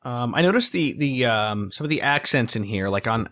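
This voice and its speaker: A man's voice: lowish voice, measured pace, fairly bright tone. A man hosting a podcast, talking hesitantly and searching for words with many fillers. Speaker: podcast host. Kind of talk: podcast conversation.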